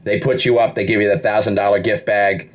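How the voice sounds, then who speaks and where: A middle-aged man, a voice actor, telling stories in a casual interview with an animated, self-deprecating manner. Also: lowish voice, brisk. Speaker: voice actor guest.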